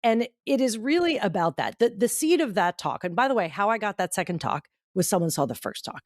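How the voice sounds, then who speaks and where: A woman's voice: mid-range voice, fairly quick, dry recording, studio quality. A middle-aged woman, a guest author and speaker, chatting casually on a podcast and acting out bits of dialogue as she tells stories. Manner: animated storyteller who acts out quoted dialogue.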